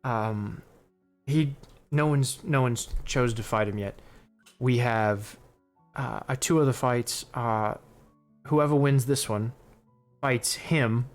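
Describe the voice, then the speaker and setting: A man's voice: mid-range voice, slow, faint music behind. A man doing a prim bookie with a fake British accent. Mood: businesslike. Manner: stiff and proper.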